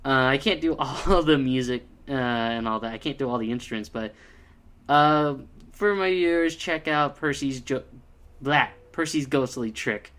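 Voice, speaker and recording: A man's voice: mid-range voice, unhurried, a bit bright, smooth. A man giving a casual spoken review, hesitant, with frequent ums and restarts. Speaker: video reviewer.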